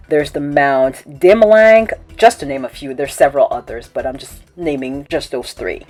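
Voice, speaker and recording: A woman from Cameroon hosting a video essay, explaining things in a measured way with wry asides. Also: sits low, a little mellow. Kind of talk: scripted commentary read to camera.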